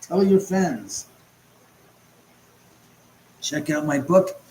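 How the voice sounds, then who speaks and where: A man's voice: a little high, expressive, drawn-out words, mellow, echoey room, a little hiss or hum, poor audio. A man hosting a casual livestream chat from home, rambling and sarcastic and swearing often. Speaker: livestream host.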